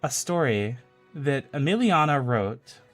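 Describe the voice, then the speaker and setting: A man's voice: mid-range voice, expressive, slow, a bit bright, faint music behind. A male streamer chatting loosely and swearing freely, then reading fan fiction aloud. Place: home streaming setup.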